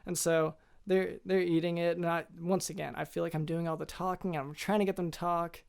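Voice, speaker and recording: Halting, gravelly-voiced man telling a story. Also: a little high, little pitch movement, a little mellow. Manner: halting, hesitant, full of restarts. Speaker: podcast host. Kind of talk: deadpan comic storytelling.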